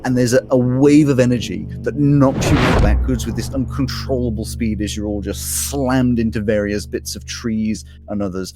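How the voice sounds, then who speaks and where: A man's voice: medium pitch, moderate pace, hardly any pauses. Man narrating as game master. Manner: lively descriptive narration with laughter. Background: soft fantasy music.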